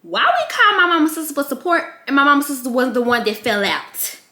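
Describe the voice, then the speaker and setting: Young woman, bright voice, candid vlog storytelling in a roomy space. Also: sits high, fairly quick. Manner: candid, emotional, animated quoting of relatives. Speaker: vlogger. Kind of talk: casual storytelling. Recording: echoey room.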